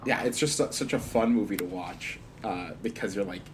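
A man co-hosting a casual podcast talk about a film, lively and quick to laugh, acting out quotes with big jumps in pitch. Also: background noise. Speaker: podcast co-host. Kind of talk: casual movie discussion.

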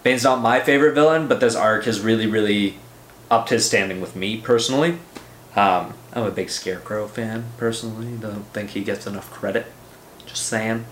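A man hosting a casual comic book review podcast, excitable and profane, rambling with lots of fillers. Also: fairly low pitch, moderate pace, roomy sound, a little hiss or hum.

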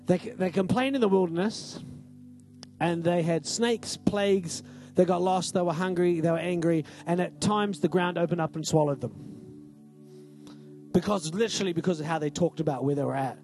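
New man preaching, slightly high voice. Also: normal speed, a little mellow, soft background music. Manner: conversational and emphatic, asks the crowd "right?". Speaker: pastor. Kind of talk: sermon.

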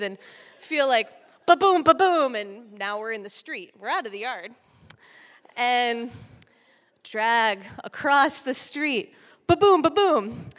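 A woman telling a personal story with lively delivery, vocal sound effects and bursts of laughter. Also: on the high side. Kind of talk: personal story told live. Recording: long hall reverb.

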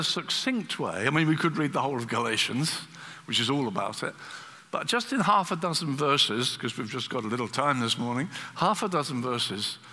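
Man, preacher, sermon, fairly high voice, bright tone, long reverb of a church hall. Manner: animated, acts out quoted voices, many fillers.

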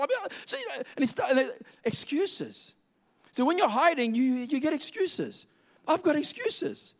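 A man's voice: very high-pitched, sing-song, a little slow. A man preaching a sermon in an emphatic, repetitive way, drawing out key words.

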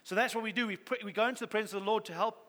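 High-voiced man preaching in a reverberant church. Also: racing, pushed and bright. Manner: earnest, rising to fervent exhortation. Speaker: pastor. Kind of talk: sermon. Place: church hall. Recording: long reverb of a church hall.

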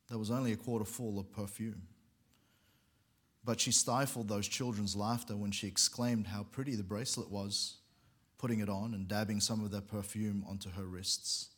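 Pastor, male, lowish voice, sermon story, earnest delivery with small self-corrections. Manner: earnest storytelling with occasional restarts.

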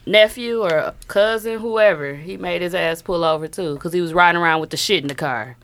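A woman's voice: fairly low pitch, fairly quick, a bit bright. A woman in casual chat with friends, retelling TV scenes and laughing easily. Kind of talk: casual group chat about a TV show.

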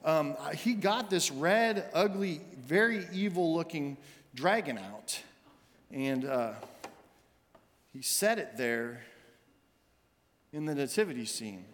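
A man, the senior minister, preaching a sermon in a church sanctuary and telling a story with animated quoted voices. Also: fairly high pitch. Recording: long hall reverb, faint music.

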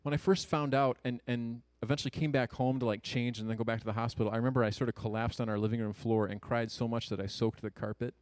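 A man in his thirties telling a personal story to an audience in an earnest, conversational way, with quick jokes and hushed asides. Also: medium pitch, steady tone, dry recording. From Ohio, USA.

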